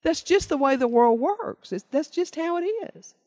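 A woman's voice: sits high, lively intonation, moderate pace, a little mellow, no room sound, clean studio sound. An older woman, giving a personal testimony talk to a meeting in an earnest, emphatic storytelling way. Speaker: speaker sharing her recovery story.

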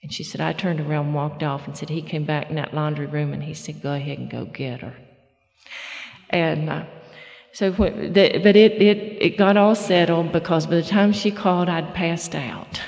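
A woman telling her recovery story to a live audience in a halting, folksy way with many restarts. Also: deep voice, creaky, darkish tone. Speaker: speaker sharing recovery story. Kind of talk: personal testimony to a live audience. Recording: long hall reverb.

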